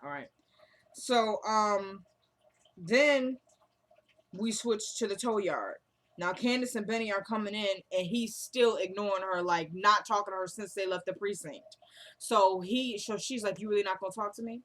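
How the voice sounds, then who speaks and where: A woman's voice: medium pitch, measured pace, fairly bright tone. A woman chatting casually as she recaps a TV drama episode, acting out the characters' lines and tossing in joking asides. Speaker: TV recap vlogger.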